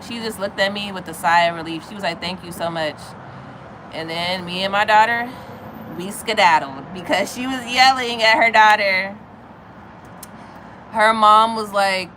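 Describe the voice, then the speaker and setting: A woman in her thirties tells a story to her viewers in casual chat, animated and quick to act out other people's lines in a high voice. Her tone is bright and crisp. Faint noise hums behind her. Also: poor audio. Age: 30s. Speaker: livestreamer chatting with viewers.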